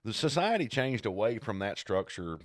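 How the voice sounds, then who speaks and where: A man co-hosting a casual podcast chat, talking in an animated, digressive, jokey way. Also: lowish voice, normal speed, no room sound, studio quality. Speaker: podcast co-host.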